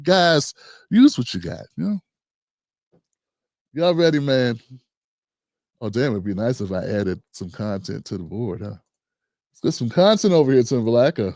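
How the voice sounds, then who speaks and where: A man's voice: medium pitch, big pitch swings, moderate pace, long pauses, darkish tone, no echo, clean studio sound. An older man hosting a livestream, casual and joking, rambling and talking to himself. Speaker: host.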